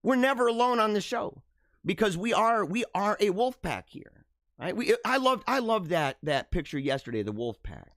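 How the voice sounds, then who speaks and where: A man hosting a live online show, talking in a high-ish, bouncy voice that swings up and down. He chats loosely and laughs a lot, calling people dude and man. The sound is close and dry, with no room behind it. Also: normal speed, no room sound. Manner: animated, laughing, slangy ("dude", "bro", "man"). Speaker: livestream show host. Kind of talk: casual live-show chat reading viewer comments.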